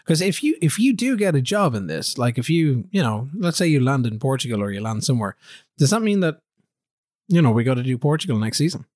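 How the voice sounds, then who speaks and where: A mid-pitched man co-hosts a remote game podcast from home, rambling and teasing his co-host. His voice sounds dry and close, with little room around it. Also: big pitch swings, fairly quick, a little mellow, no echo. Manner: rambling, teasing, easily laughing. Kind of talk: casual chat, teasing.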